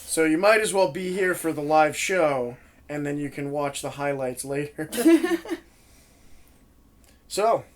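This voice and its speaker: A man's voice: on the high side, sing-song, slow, pauses often. A young man co-hosting a casual podcast, rambling and stumbling as he retells a joke, running on little sleep and lots of espresso. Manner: rambling, laughing, stumbling over a retold joke. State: sleep-deprived, wired on espresso. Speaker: podcast co-host. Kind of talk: casual chat.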